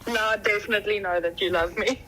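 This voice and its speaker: A woman's voice: mid-range voice, fast, sharp tone, a little hiss or hum, poor audio. A woman in casual voice chat with her gaming team who giggles often between her remarks. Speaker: alliance teammate.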